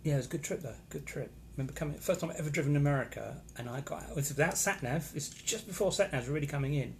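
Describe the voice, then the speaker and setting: An English vlogger with a slightly high voice and vocal fry chats casually on a live stream from a hotel room, speaking rapid-fire. He rambles and reacts to viewer comments he reads aloud, over a faint hiss or hum.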